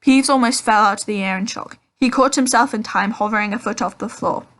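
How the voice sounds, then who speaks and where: A woman's voice: fairly high pitch, fairly quick, a bit bright. A woman reading a children's novel aloud, with frequent ums and self-corrections. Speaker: audiobook reader.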